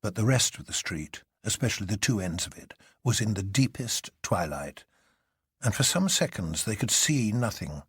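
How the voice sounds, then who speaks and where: A narrator reading a novel aloud with expressive storytelling. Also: medium pitch, moderate pace, husky, no room sound, studio quality.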